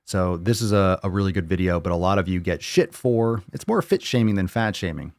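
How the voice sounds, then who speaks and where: A man with a low, lively voice speaks fairly quickly, hosting a live fitness Q&A stream from home over a video call. He rants bluntly and profanely, clearly fired up, and the sound is clean studio quality with no room noise.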